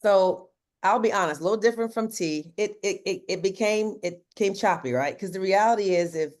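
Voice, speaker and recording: A man's voice: high-pitched, a little fast. A man who works as an insurance agent, telling his story in earnest on a team video call, speaking casually with lots of fillers and restarts.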